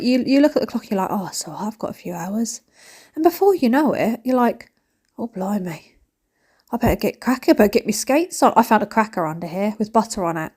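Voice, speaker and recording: A woman's voice: medium pitch, a little mellow. A woman in her thirties, chatting casually and mocking herself with rambling asides while she cleans her home. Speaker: cleaning vlogger.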